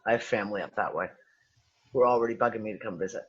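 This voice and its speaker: A man from England with a West Midlands accent co-hosts a casual chat, rambling, swearing freely and restarting often. His voice is on the low side, husky and very fast, and the sound is lo-fi.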